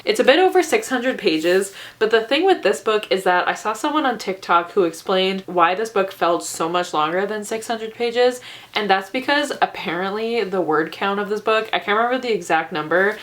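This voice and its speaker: Ranting woman reviewing books. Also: medium pitch. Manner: ranting, exaggerated, laughs often. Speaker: book reviewer. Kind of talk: casual book review vlog.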